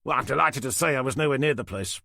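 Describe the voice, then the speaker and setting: In a studio-quality recording with no room sound, a man narrating an audiobook puts on a full character voice pitched above his own. Fast, animated, creaky and sharp in a mid-range register, he plays a disdainful, idle older man who sneers and mocks.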